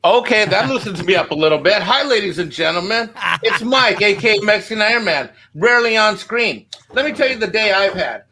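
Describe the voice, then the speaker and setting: A man with a very high, sharp voice launches into an angry, profane rant on a live panel show. He is a bit tipsy and keeps circling back to the same phrases as he fumes. His tone stays forceful and cutting throughout. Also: expressive, fairly quick, few pauses, a little hiss or hum. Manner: angry, swearing, repeats "you know what". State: a little tipsy from drinking.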